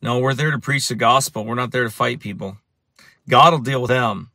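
Bright-voiced man recounting preaching encounters. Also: mid-range voice, a little fast, vocal fry, dry recording, clean studio sound. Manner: repetitive, restarts phrases for emphasis. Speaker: street preacher. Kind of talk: casual storytelling monologue.

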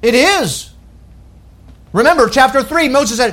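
A middle-aged pastor preaching in a loose, conversational way, often restarting his phrases. His voice sits notably high for a man. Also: expressive, moderate pace, a bit bright. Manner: conversational preaching, paraphrasing scripture in plain speech, with verbal restarts. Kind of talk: sermon.

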